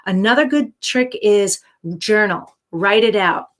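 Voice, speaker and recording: A woman's voice: medium pitch, unhurried. A woman hosting a live-streamed show, answering viewer questions with earnest, encouraging life-coaching advice.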